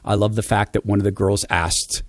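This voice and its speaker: A man's voice: on the low side, little pitch movement, fairly quick, no room sound. A man from Spokane giving a reflective personal monologue, telling stories in an earnest, affectionate way. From Spokane, USA. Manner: storytelling, acting out quoted voices.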